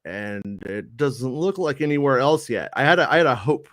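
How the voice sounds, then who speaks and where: A man's voice: mid-range voice, expressive, moderate pace, fairly bright tone, no echo, studio quality. A man hosting a casual chat show, rambling and joking with many fillers and restarts. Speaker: podcast host.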